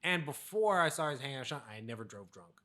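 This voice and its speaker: Bright-voiced young man telling stories. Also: mid-range voice, sing-song, fast talker. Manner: storytelling, laughs often, acts out his past self. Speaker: podcast co-host. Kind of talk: casual chat.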